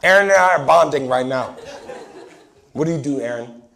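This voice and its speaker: A man's voice: medium pitch, expressive, moderate pace, gravelly. Man, stand-up comic, crowd work, brash, teasing, handheld mic, noisy club recording. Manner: brash, teasing, loud bursts and mock apologies. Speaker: stand-up comedian. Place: comedy club stage. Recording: live club recording, audience laughter.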